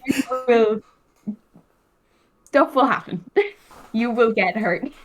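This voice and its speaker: A woman's voice: a little high, animated, drawn-out words, low-quality recording. A woman from England with an English accent tinged with Irish, chatting casually as a podcast guest, rambling with many fillers and laughing easily. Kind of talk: casual chat.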